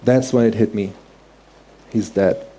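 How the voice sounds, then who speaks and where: A man's voice: fairly low pitch, steady tone, a little slow, mellow, breathy edge. A man telling a personal story on stage, earnest and heartfelt, in vivid present tense. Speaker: speaker.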